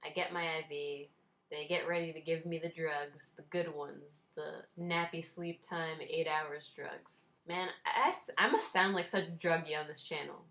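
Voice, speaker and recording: A young woman in her twenties talks straight to her viewers in a relaxed vlog. Her voice sits a little low, and her tone stays wry and self-mocking, with small laughs slipped in. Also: unhurried. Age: 20s. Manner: wry, self-deprecating, laughs while telling. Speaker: vlogger. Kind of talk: casual storytelling vlog.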